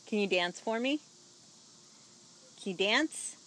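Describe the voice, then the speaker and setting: A woman's voice: medium pitch, lively intonation, slow, pauses often, a bit bright, slight background noise. A young mother filming her toddler at home, coaxing him with sing-song baby talk from behind a handheld camera.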